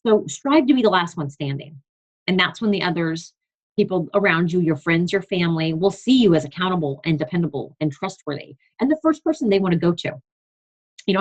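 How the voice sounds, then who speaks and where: A young adult woman, a fitness business coach, leads a team call with an earnest, emphatic motivational talk, reading from her notes. Her voice is fairly low in pitch and the audio sounds dull.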